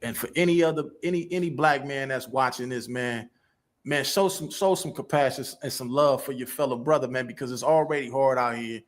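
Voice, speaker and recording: A man with a middle-pitched voice speaks earnestly and steadily in an interview clip, pleading his case with repeated words. The voice is plain and mid-range. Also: a little fast.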